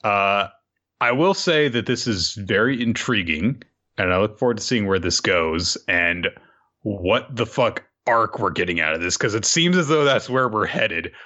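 A man co-hosting a casual chat in a relaxed, chatty way that includes casual swearing. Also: lowish voice, moderate pace. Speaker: podcast co-host. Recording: dull lo-fi audio.

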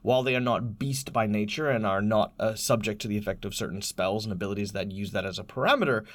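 A man narrating a tabletop game as game master, describing scenes in detail, laughing often and slowing down for dramatic moments. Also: fairly low pitch.

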